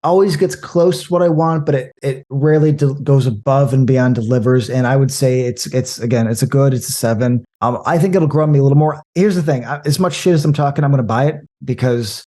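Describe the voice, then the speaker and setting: A man talking casually about movies, rambling and animated, with frequent restarts. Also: mid-range voice, fairly quick, few pauses. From American Midwest. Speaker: podcast guest.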